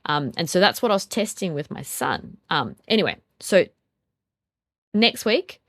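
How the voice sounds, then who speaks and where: A woman's voice: on the low side, sing-song, a little slow, fairly bright tone, no echo, clean studio sound. A woman in her thirties, a mother of a toddler, talking through parenting ideas in a thoughtful, step-by-step way with frequent ums. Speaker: podcast co-host and mother of a toddler. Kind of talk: reflective parenting talk.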